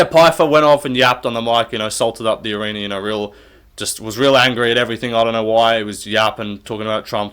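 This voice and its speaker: A man's voice: lowish voice, a bit bright. Blunt, foul-mouthed young man recapping fights. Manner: blunt, profane, sarcastic. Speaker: MMA recap host. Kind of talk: casual fight recap commentary.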